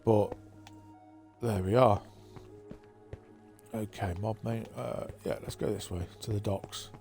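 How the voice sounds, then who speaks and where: A man giving a relaxed, rambling tour of his game map, thinking aloud with plenty of fillers. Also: fairly low pitch, slow pace, creaky. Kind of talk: casual gameplay commentary. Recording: faint background music.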